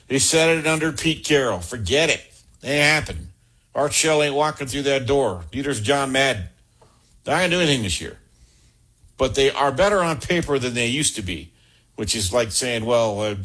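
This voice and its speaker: A middle-aged man with a husky voice delivers an opinionated sports talk monologue. He is blunt and sarcastic and leans hard on his opinions with emphatic asides. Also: mid-range voice, a bit bright. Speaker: sports commentator.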